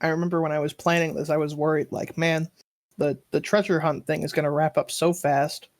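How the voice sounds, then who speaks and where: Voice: mid-range voice, flat delivery, brisk, no room sound. A game master narrating and checking in with players, easygoing and explanatory.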